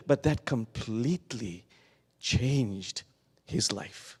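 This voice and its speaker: A man giving a sermon full of stories, lingering slowly on the words he wants to stress. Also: fairly high pitch, big pitch swings, darkish tone, breathy edge. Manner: slow, lingering emphasis on key words. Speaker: guest speaker at a Sunday service. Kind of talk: sermon with storytelling. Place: church sanctuary. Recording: long reverb of a large hall.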